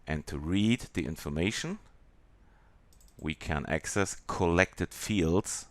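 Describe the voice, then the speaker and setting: A man with a German accent walking through a software tutorial in a halting way, with many pauses and fillers. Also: low voice, no room sound. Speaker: software demonstrator.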